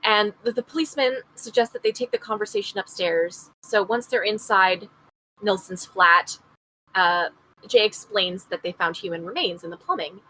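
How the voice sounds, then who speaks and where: A woman with a bright, crisp voice talks through a case in casual podcast storytelling. She reads passages aloud and breaks off for her own chatty asides. Her pitch sits at an ordinary level for a woman. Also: normal speed, slight background noise, low-quality recording. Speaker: podcast co-host. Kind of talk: casual true-crime storytelling.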